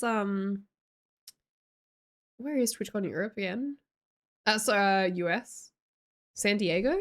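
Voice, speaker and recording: A woman's voice: mid-range voice, lively intonation, moderate pace, long pauses. A woman chatting casually on a livestream, reading chat aloud and telling stories with lots of giggles.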